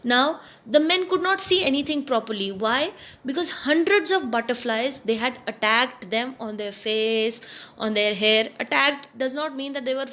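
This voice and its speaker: A woman's voice: a little high, fairly bright tone. Woman teaching a children's storybook. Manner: explains words to young listeners, asks and answers questions. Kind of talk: storybook read-aloud lesson for children.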